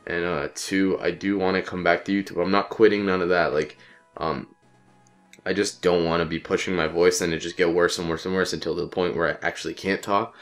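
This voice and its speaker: A young man rambles through his gameplay commentary in a low, deep voice, stuffed up and congested from a cold. He talks offhandedly and swears casually as he plays. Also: level tone, fairly quick. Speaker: let's play commentator.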